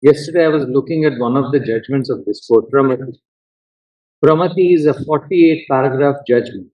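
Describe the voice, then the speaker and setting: A man with an Indian English accent speaking from a court bench, making dry, measured remarks. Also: mid-range voice, muffled recording. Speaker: judge on the bench. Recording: distant courtroom audio.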